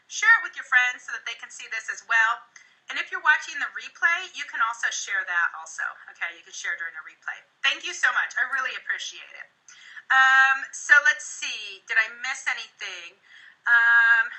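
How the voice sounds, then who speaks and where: A woman photographer giving live-stream tips, animated and acting out her shoot patter, recorded on a phone. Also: fairly high pitch, rough recording. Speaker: portrait photographer.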